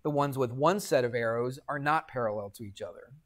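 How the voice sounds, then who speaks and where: A man's voice: mid-range voice, brisk. A middle-aged man teaching math to a classroom, asking the students questions and answering them himself, with jokey asides. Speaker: high school math teacher. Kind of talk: classroom lecture.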